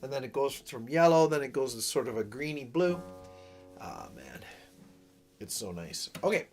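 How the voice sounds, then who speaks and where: A man's voice: mid-range voice, very animated, moderate pace, a little mellow, soft background music. A man hosting a casual live stream, rambling and self-deprecating, often losing his train of thought. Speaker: livestream host and singer-songwriter.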